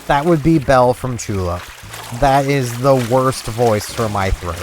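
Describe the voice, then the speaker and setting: A man's voice: medium pitch, animated, slow, noisy background. A man vlogging while playing a game, rambling casually with many fillers. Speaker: gaming vlogger. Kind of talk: casual chat over gameplay. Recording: game music underneath. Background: game music.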